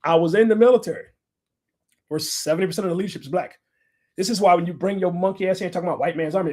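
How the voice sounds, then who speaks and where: A man's voice: sits high, rapid-fire, darkish tone. A middle-aged man from the United States talking bluntly and profanely to a live audience, rambling and swearing constantly. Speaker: speaker addressing a live audience. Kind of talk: profane, loose talk to a room.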